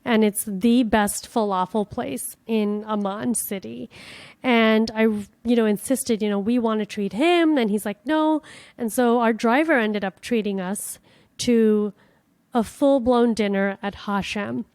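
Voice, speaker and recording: A woman from the United States hosting a podcast, telling a travel story in a chatty, animated way with casual swearing. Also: on the high side, measured pace, no echo. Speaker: podcast host.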